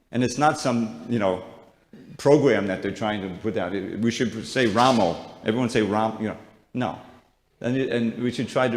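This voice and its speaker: A man teaching a devotional seminar class in a conversational, joking manner with frequent restarts. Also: medium pitch. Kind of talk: informal devotional lecture. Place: temple hall with audience. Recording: echoey lecture hall.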